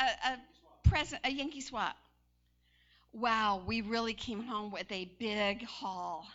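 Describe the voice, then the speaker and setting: A woman preaching a sermon in a conversational, storytelling way, breaking into animated emphasis. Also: fairly high pitch, lo-fi sound.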